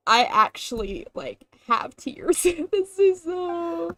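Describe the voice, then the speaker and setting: A woman's voice: extremely high pitch, sing-song, takes it slowly, fairly bright tone. A young woman streaming a video game, who reacts emotionally, laughing and tearing up as she plays. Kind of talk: live gameplay reaction stream.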